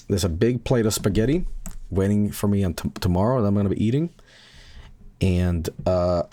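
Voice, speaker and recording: A man's voice: lowish voice, normal speed, warm tone. A man from Sweden streaming and chatting casually with viewers, rambling and joking with plenty of swearing and fillers.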